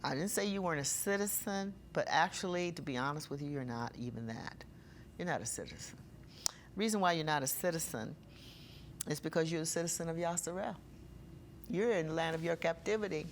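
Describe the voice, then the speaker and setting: A woman preaching a sermon with passion, slowing down and getting louder when she reads scripture. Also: sits low, slight background noise.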